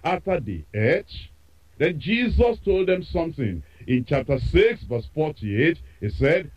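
Emphatic preacher on lo-fi radio. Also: male voice, a little high, very animated, a little slow. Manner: emphatic, repeats phrases for effect. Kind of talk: sermon. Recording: dull lo-fi radio broadcast.

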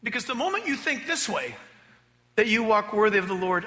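A man's voice: high-pitched, sing-song, fast talker, creaky, pushed and bright, in a large hall. A male pastor preaching an emphatic sermon and reading scripture aloud. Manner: emphatic preaching, spells out key words, acts out quoted voices.

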